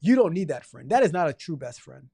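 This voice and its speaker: Brisk and fairly high-pitched, slightly rough but echo-free, this clean studio voice belongs to the host of a live tech career advice show. He reads out viewer questions, then responds animatedly and jokily, repeating points for emphasis and lurching from mock outrage to apology.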